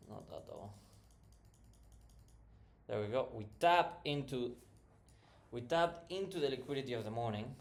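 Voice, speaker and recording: A man's voice: medium pitch, lively intonation, measured pace, pauses often. Slangy, swearing man. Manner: slangy and profane, says "bruv" constantly. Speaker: trader reviewing charts. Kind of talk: casual screen-recorded trading commentary.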